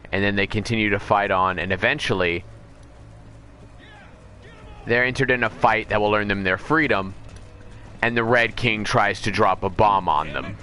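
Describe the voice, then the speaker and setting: A man's voice: on the low side, sharp tone. A man streaming a game, casually retelling a comic story, often correcting himself and speeding up in bursts. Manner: rambling, self-correcting recap with quick bursts. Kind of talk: casual storytelling while gaming.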